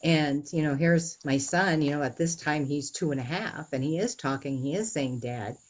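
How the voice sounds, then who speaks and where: A young adult woman with a notably low voice speaks in an interview. She tells her own story earnestly and haltingly, often pausing, restarting and filling gaps with "you know". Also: rough recording.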